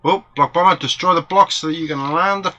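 A man playing a retro video game with a friend, excitable and swearing often, with sudden high squeals. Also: brisk, a crowd in the background. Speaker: gamer. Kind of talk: casual co-op let's play banter.

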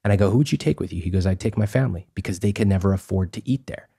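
Guy on a podcast acting out convos, gets loud and high when making a point. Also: very fast, vocal fry, slightly rough. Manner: emphatic, acts out quoted exchanges, climbs high for emphasis. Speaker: guest, personal finance author. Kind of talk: animated podcast interview.

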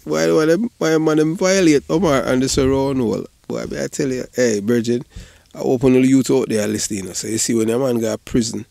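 A man's voice: medium pitch, a little fast, gravelly, darkish tone, no room sound. A man with a Jamaican accent giving rambling, casual patois commentary, often repeating "you know". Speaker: online commentator.

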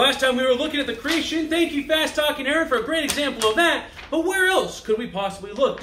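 A man with a very high voice leads a kids church lesson. He presents like an upbeat tour guide. He leans hard on key words and lifts into loud peaks. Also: echoey room.

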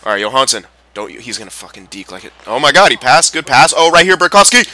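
Young guy yelling at his game, bright voice, swinging all over. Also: medium pitch, fast. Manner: excitable, swears and yells at players. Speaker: gameplay commentator. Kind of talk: live game commentary.

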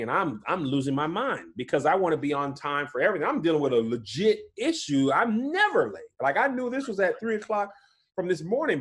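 A man in his thirties, a comedian guest, in casual podcast chat, telling stories in a lively way. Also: a little high. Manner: animated storytelling, often says "you know what I'm saying".

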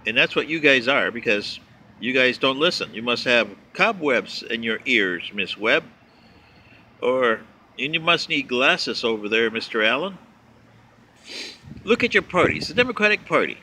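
A man's voice: mid-range voice, animated, moderate pace, bright, forceful tone, a little hiss or hum. A man giving a sarcastic, mocking political commentary, reading and answering viewer letters.

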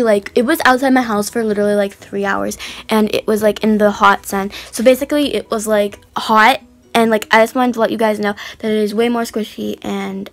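A young woman unboxing squishies in a casual vlog, gushing and excitable, full of "like" and "oh my god". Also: a little high, vocal fry. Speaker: vlogger.

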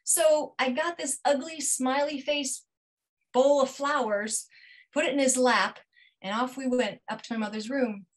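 Middle-aged woman telling a family story on a zoom call, voice sits a bit high, swings way up for the dialogue. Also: a little slow, low-quality recording. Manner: animated, acts out dialogue with big pitch jumps; drops to a hushed near-whisper at tender moments. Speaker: featured storyteller. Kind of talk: live personal storytelling. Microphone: video call.

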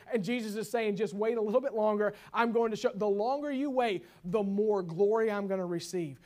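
A man preaching a sermon as pastor, swinging from loud exclamations to hushed, tender passages and reading scripture in old biblical wording. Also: high-pitched.

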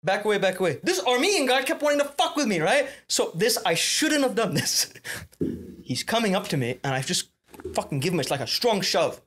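A young man telling a story on a podcast in a casual, profane way, with excited asides. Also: high voice, brisk.

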